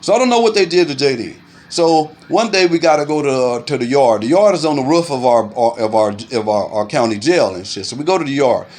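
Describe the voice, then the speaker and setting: A middle-aged man telling a street story to camera in animated, profane casual talk, filling it with "you know what I'm saying" and punching sounds. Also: medium pitch, brisk, few pauses. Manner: makes punching sounds aloud.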